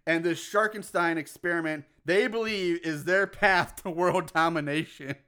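A man's voice: fairly high pitch, moderate pace, bright, forceful tone, clean tone. A man co-hosting a casual podcast, recapping a movie in a rambling way, laughing often and swearing casually. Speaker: podcast co-host.

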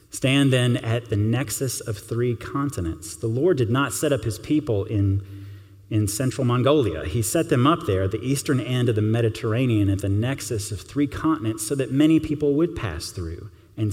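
Low-voiced pastor preaching in an echoing hall. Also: male voice, darkish tone. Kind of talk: sermon.

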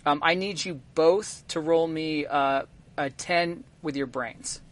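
A man running a tabletop game as game master, narrating the scene in a halting way full of ums and uhs. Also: on the high side, background noise.

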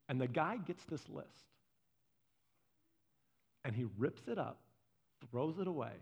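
A male pastor delivering a conversational sermon, telling stories and swinging from loud to hushed. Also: medium pitch, vocal fry, slightly rough. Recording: dull lo-fi sound.

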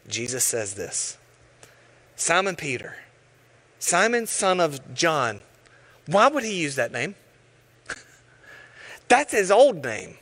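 Bright, animated man preaching a sermon. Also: on the high side, slow pace, long pauses. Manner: animated storytelling, acting out voices, dropping to hushed tones. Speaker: pastor.

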